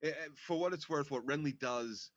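A man with a mid-pitched voice co-hosts a casual TV recap, giving blunt opinions laced with heavy swearing. His voice sounds dry and dull, as if on a lo-fi mic. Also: brisk, fairly bright tone, no room sound. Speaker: podcast co-host.

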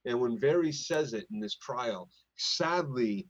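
A man's voice: mid-range voice, unhurried, no echo, lo-fi sound. A man co-hosting a casual TV recap podcast, retelling scenes and acting them out as he goes. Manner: animated retelling, acts out scenes. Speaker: podcast co-host.

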